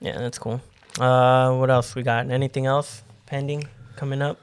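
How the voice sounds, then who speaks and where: A man's voice: medium pitch, flat delivery, smooth. A man co-hosting a casual podcast who keeps jumping in with short questions and comments. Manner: quick interjecting questions. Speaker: podcast co-host. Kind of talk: casual chat.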